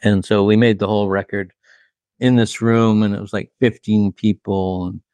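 A man's voice: lowish voice, little pitch movement, normal speed, mellow, dry recording. A man, a record producer, telling studio stories in a rambling, casual way, full of "like" and "you know", laughing at his own anecdotes. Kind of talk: casual storytelling.

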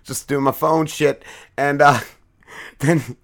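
A man's voice: fairly high pitch, steady tone, slow pace. A man co-hosting a podcast, telling long, profane, rambling anecdotes in casual chat and mimicking the people in them. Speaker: podcast co-host.

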